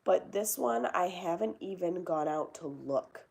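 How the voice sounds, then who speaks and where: A woman's voice: fairly low pitch, lively intonation, a little slow, vocal fry, a little mellow, slightly rough. A young woman hosting a casual chat, rambling and swearing now and then. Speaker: host.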